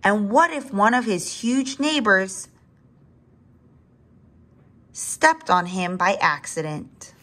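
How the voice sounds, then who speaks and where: Woman reader, children's story read-aloud, expressive, talks to kids. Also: mid-range voice, takes it slowly, long pauses. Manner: expressive, with asides to young listeners.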